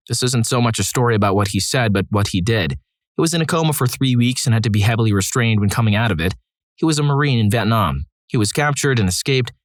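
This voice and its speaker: A man reading out a string of short stories with a wry, dry sense of humor. His voice sits in an ordinary middle pitch, and the recording is close and dry with no room sound. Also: no room sound. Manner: dry, wry asides between read stories. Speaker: story narrator. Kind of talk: scripted storytelling narration.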